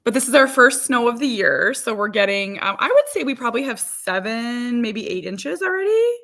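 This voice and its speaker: Chatty mom livestreaming from home. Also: female voice, a little high, animated, normal speed, gravelly, a bit bright. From Minnesota. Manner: chatty, rambling, talks to viewers and dog. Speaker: vlogger. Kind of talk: casual livestream chat. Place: home in winter.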